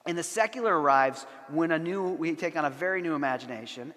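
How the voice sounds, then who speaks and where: A middle-aged man speaking from the front of a large church, his voice sitting a little high for a man. He tells stories with dry humor and acts out the people he quotes. A long reverb trails every phrase. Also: fairly bright tone. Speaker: conference speaker. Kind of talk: plenary lecture with storytelling.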